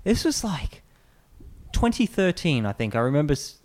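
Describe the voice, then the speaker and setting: A man's voice: fairly high pitch, sing-song, normal speed, darkish tone. A man co-hosting a casual comedy podcast, going off on playful tangents. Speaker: podcast co-host.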